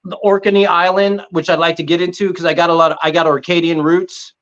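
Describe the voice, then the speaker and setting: A man's voice: fairly high pitch, flat delivery, fairly quick, a bit bright, highs cut off. A man hosting a podcast on a video call, enthusiastic and rambling in casual chat. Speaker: podcast host.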